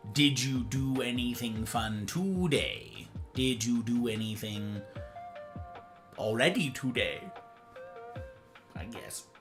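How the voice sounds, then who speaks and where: A man hosting a livestream, chatting casually and reading and answering his viewers' messages aloud. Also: medium pitch. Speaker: livestream host.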